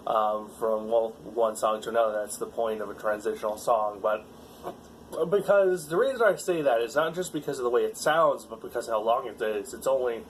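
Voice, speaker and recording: A man's voice: mid-range voice, a little hiss or hum, poor audio. Man giving a rambling, filler-heavy review. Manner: hesitant, lots of fillers and restarts; blunt, critical. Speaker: metal music reviewer. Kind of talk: casual spoken review.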